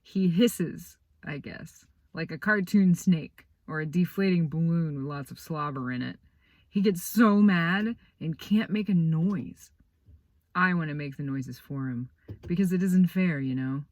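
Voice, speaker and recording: A woman reads a children's novel aloud in a low, unhurried voice, letting the lines breathe. Her delivery swings dramatically from hushed asides to bursts of feeling. The sound is dry and close to the mic. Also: dry recording. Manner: dramatic, varied storytelling delivery. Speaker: author reading her own book aloud.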